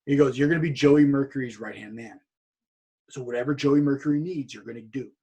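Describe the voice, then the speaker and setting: A man's voice: medium pitch, a little fast, dark tone, slightly rough. A man from California telling a story in a casual podcast chat, acting out what other people said. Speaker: podcast guest.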